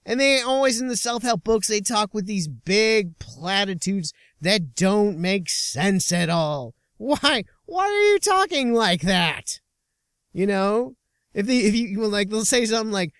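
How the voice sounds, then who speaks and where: Podcast host, male, high-pitched, smooth voice, sarcastic rambler, dry close sound, records alone in a small car. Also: animated, fairly bright tone, no room sound. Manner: sarcastic, ranting, halting restarts. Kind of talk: rambling comedic monologue. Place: inside a small car with no air conditioning.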